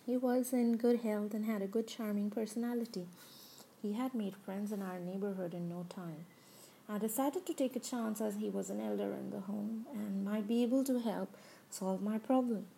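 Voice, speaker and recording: A woman's voice: medium pitch, vocal fry, warm tone, a little hiss or hum, poor audio. A woman reading a first-person story in an intimate, confessional way. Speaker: story narrator.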